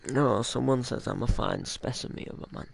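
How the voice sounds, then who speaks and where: A man's voice: mid-range voice, normal speed, creaky, background noise. A man running a livestream and trading crude, mocking banter. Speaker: streamer.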